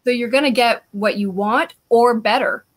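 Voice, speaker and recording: A woman's voice: a little high, normal speed. Encouraging woman host. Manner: encouraging and affirming. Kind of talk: casual spiritual conversation.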